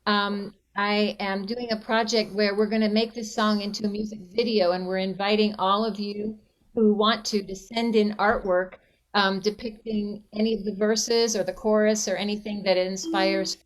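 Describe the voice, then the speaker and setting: A woman's voice: mid-range voice, flat delivery, normal speed, slight background noise. A woman guest song leader chatting on a video call, introducing a song with frequent ums. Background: guitar music.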